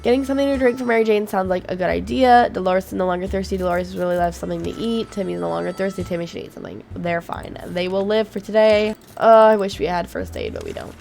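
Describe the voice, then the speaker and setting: A woman's voice: medium pitch, big pitch swings, fast talker, creaky, few pauses, a little mellow, a little hiss or hum. A woman YouTuber giving chatty, reactive commentary on a game, reading its text aloud and swearing freely. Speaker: gaming YouTuber. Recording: faint game music behind.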